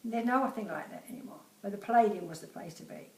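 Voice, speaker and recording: A woman's voice: medium pitch, fast talker, mellow, distant mic. Elderly Cockney woman, roomy and off-mic. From Bermondsey, London. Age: about 80. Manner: chatty, laughs easily, reminiscing. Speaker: interviewee, host's mother. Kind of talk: casual chat. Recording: roomy, off-mic with faint ambience.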